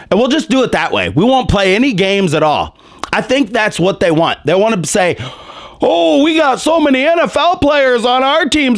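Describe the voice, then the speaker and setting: A man's voice: high voice, no echo, studio quality. A man hosting a sports commentary show, ranting in a heated, mocking, profane way, his voice strained and worn.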